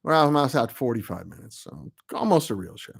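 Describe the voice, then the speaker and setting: Creaky with a breathy edge, this mid-range voice moves a little fast with big pitch swings. It belongs to a middle-aged amp builder rambling through casual live-stream chat on his web show, cracking self-mocking asides.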